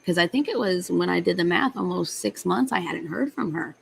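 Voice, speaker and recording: A woman's voice: fairly low pitch, animated, brisk, gravelly, a little hiss or hum, poor audio. A young adult woman hosting a live stream, telling a story in a blunt, heated way and swearing freely. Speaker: livestream host. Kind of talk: casual storytelling to live chat.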